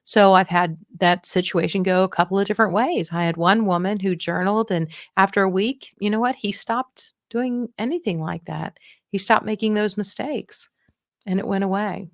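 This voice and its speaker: A woman's voice: medium pitch, moderate pace, no echo, clean studio sound. A middle-aged woman hosting a talk on dementia care, giving frank, encouraging advice and acting out what people say. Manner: frank, encouraging, acts out quoted voices. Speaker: dementia care podcast host.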